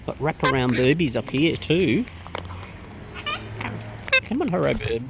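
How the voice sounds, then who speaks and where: A woman's voice: extremely low pitch, lively intonation, measured pace, gravelly, heavy background noise. A woman chatting playfully to wild birds outdoors, talking to them in a cooing, baby-talk way. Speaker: bird feeder vlogger. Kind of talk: casual chat with wild birds.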